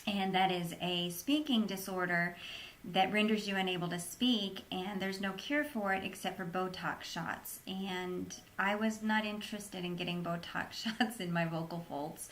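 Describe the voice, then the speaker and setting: A woman's voice: fairly low pitch, bright, forceful tone. A woman, an interview guest, recounting a personal story in an earnest, plain-spoken way.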